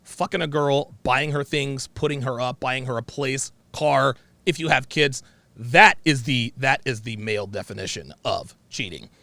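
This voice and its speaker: A man's voice: medium pitch, normal speed, creaky, pushed and bright, no echo. A man hosting a livestream commentary show, talking in a blunt, brash way and swearing freely. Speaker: host.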